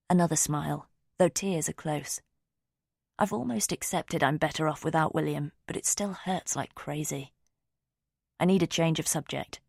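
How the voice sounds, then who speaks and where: Low-voiced woman reading a novel. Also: normal speed, gravelly, darkish tone, slightly rough, dry recording, studio quality. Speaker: audiobook narrator. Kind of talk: first-person novel narration.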